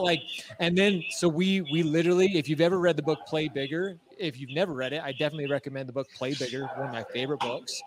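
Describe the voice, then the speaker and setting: A man in his thirties, a guest telling his career story in a casual interview, excited and slangy with many fillers and restarts. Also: a little high, fast. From Utah, USA. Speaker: guest, agency founder.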